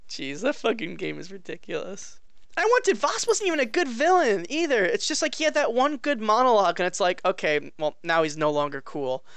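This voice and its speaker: Young male podcast co-host, animated pitch, dry close mic, profane and laughing banter. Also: a little fast, no echo. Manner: swears a lot, laughs often, acts out silly voices. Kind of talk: casual chat.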